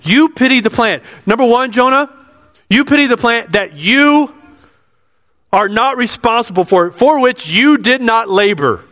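A man's voice: extremely high pitch, animated, measured pace, fairly bright tone. A pastor preaching a sermon in earnest, repeating his phrases and asking the congregation questions. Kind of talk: expository sermon. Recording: long hall reverb.

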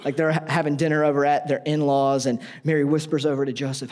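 A man's voice: on the high side, level tone, quick pace, few pauses, darkish tone. A man preaching a sermon in a conversational, joking way, often asking the audience questions.

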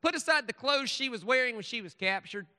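A man's voice: very high voice, expressive, a little fast, bright, forceful tone, in a large hall, voice pushed up, heavily acted. A man voicing a fiery, sarcastic Southern preacher with a Southern accent and a brash preaching cadence. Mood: mock preaching.

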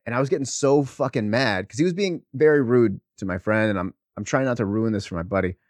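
A man co-hosting a podcast, telling stories in a casual, animated, profane way. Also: medium pitch, quick pace, no echo. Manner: profane, animated storytelling with laughs. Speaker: podcast co-host. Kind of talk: casual chat, storytelling.

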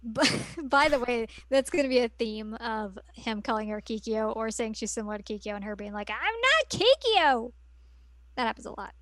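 An excited woman fan talks through her favorite anime, full of "like" and "um". Her voice sits a little high, and the close mic picks up no room sound. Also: brisk, hardly any pauses, dry recording. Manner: enthusiastic fan, chatty with many fillers. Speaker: podcast co-host. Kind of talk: casual chat recapping an anime episode.

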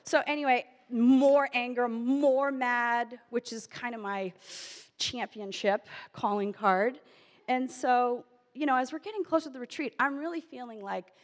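A woman's voice: a little high, unhurried. Woman telling a personal story in a hall. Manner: animated, acts out quoted voices.

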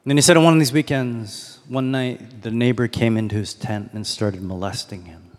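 A man's voice: mid-range voice, moderate pace. A man giving a sermon as a pastor, in a casual storytelling manner that leans on rhetorical questions. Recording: long hall reverb.

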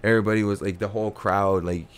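A man's voice: lowish voice, level tone, quick pace, smooth. A man telling a long casual story, full of fillers like "uh" and "like" and plenty of slang. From California. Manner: rambling, heavy filler words and slang.

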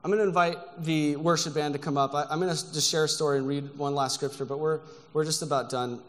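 A man's voice: on the high side, steady tone, fast talker, a bit bright. Man preaching earnestly in a reverberant hall. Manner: emphatic, earnest preaching with personal stories. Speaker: guest pastor. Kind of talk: sermon. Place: church sanctuary. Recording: long reverb of a large church hall.

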